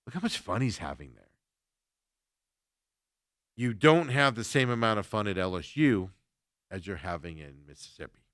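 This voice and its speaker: A man's voice: on the low side, lively intonation, normal speed, long pauses, fairly bright tone, no echo, studio quality. Chatty male sports show host. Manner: chatty, conversational, lots of fillers. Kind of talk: casual sports talk commentary.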